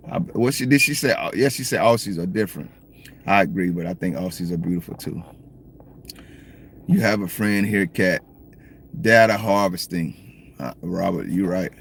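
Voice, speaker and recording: This Southern-accented man hosts a livestream from his parked car, talking straight to viewers in an easygoing, joking way while reading their comments. His pitch is medium, with a slight hiss or hum in the recording.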